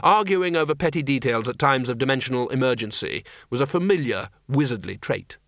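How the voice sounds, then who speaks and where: A man's voice: medium pitch, expressive, fairly quick, a bit bright, no room sound, clean studio sound. A man narrating a comic fantasy audiobook in a wry storytelling manner.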